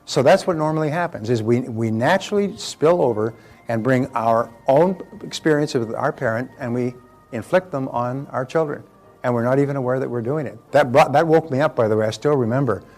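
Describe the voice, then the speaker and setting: A man's voice: mid-range voice, a little fast, darkish tone, soft background music. An older man giving a motivational talk in a conversational way, telling stories and repeating words as he goes. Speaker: motivational speaker.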